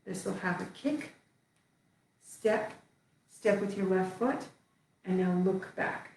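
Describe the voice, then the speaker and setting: A woman leads a qigong class, calling out each movement slowly and calmly as she performs it. Her voice rings in a very echoey room and sits well back from the mic. A faint hiss of room noise runs underneath. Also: mid-range voice, recorded from a distance. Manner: calm step-by-step cueing while moving. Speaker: qigong instructor.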